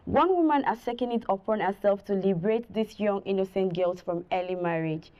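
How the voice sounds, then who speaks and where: An actress with a Nigerian accent playing a TV reporter giving a formal scripted report. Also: female voice, mid-range voice, a little fast, muffled recording, close to an everyday voice. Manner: formal, presenting. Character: television reporter.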